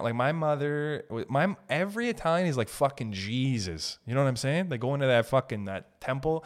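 A man at an average pitch hosting his own podcast alone. He tells stories in a loose, animated way, swearing freely. His laughs come in between the lines. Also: brisk, few pauses. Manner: animated and profane, laughs as he talks. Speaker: podcast host. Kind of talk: solo storytelling podcast.

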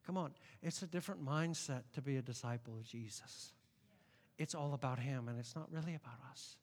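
A man preaching a sermon, emphatic and challenging the congregation, swinging from loud declarations to quiet asides. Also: medium pitch, a little fast, in a large hall. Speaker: pastor.

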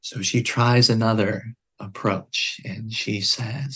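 A man guest on a podcast, telling a story in conversation in an earnest, measured way. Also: on the low side, steady tone, a bit bright, breathy edge.

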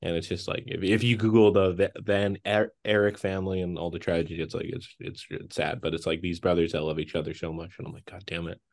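A man's voice: low-pitched, flat delivery, fast, gravelly, hardly any pauses, a little mellow. A young man co-hosting a podcast, chatting casually with lots of fillers and laughs. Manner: rambling, laughs often, many fillers. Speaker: podcast co-host. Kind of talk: casual chat.

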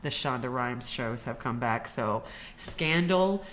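A woman with a notably low voice co-hosts a podcast in relaxed conversation. She tells stories with energy, and she laughs easily between her points. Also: takes it slowly, noisy background. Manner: chatty, animated storytelling with laughs. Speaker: podcast co-host. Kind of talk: casual chat.

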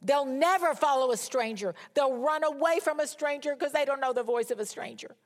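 A woman's voice: sits high, a little fast. A woman giving a conversational sermon as a Bible teacher, emphatic and repeating key words for stress.

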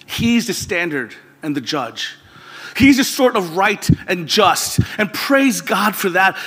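Male pastor, sermon delivery, earnest with exasperated bursts, higher husky tone. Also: fairly bright tone, big-room sound. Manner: earnest, rising to exasperated outbursts.

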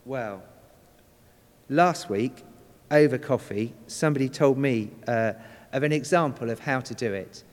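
A man preaching a sermon in an earnest, measured way, slowing down to stress key phrases. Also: medium pitch. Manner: earnest, measured preaching with slow emphatic endings. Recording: church hall with long reverb.

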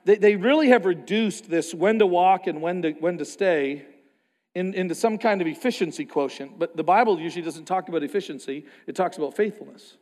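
A pastor delivers a sermon in a high, light male voice. He preaches with passion, dropping low and quiet, then rising loud. His voice rings with the long reverb of a big hall. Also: brisk.

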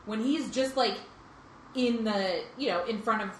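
A woman's voice: a little high, a little slow, reverberant, a little hiss or hum, low-quality recording. A woman co-hosting a casual movie podcast, wry and teasing. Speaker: podcast co-host.

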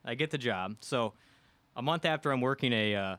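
This guest storyteller is a man from the American Midwest sharing a laid-back podcast anecdote. His mid-range voice is clear and resonant at a moderate pace, there's no room sound, and he lively performs the quotes of the people involved.

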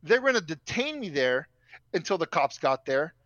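A man's voice: on the high side, big pitch swings, moderate pace, fairly bright tone, dry recording, muffled recording. A young man telling a story in a casual, profane, ranting way.

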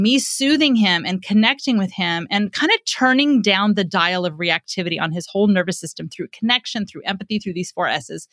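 A middle-aged woman talking as a podcast guest, in a voice of ordinary pitch. She explains at length and slips into short acted-out dialogues. The sound is close and dry. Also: no echo. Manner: warm, animated explanations acting out parent-child dialogue. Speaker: guest psychotherapist. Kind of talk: podcast interview.

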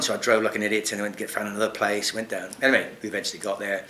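A man tells a rambling story in a loose, animated way, swearing freely and breaking into laughs. His voice is lowish yet bright and forceful, and it echoes around the room over a faint hiss. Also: rapid-fire. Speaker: guest actor. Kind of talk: casual storytelling.

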